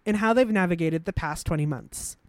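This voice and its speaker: A woman's voice: on the low side, a little fast, darkish tone, no echo. A woman co-hosting a casual chat, reading news aloud with many fillers and restarts. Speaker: podcast co-host.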